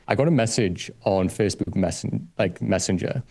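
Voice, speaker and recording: A man, a guest on a chat show, telling an excitable, gushing story in casual conversation and swearing freely. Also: lowish voice, normal speed, creaky. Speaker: guest, music reaction video creator.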